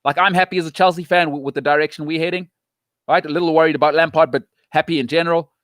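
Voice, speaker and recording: A middle-aged man hosts his show with firm, repeated punchlines and a forceful, opinionated manner. His voice sits a little high for a man. The sound is dry and close, with no room around it. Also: steady tone, dry recording. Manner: emphatic, punchy repetitions, fast opinions. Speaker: show host. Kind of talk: opinionated football talk show.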